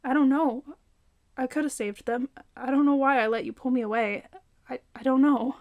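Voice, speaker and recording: A woman reading the lines of a young woman with storm powers who swings between quiet brooding and yelling outbursts. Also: on the high side, fairly even intonation, moderate pace, highs cut off, lightly acted. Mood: distraught.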